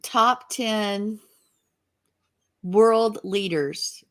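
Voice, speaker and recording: A woman's voice: mid-range voice, extremely slow, fairly bright tone. A woman co-hosting a casual chat, with a dry, teasing way of reading out gags. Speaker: co-host.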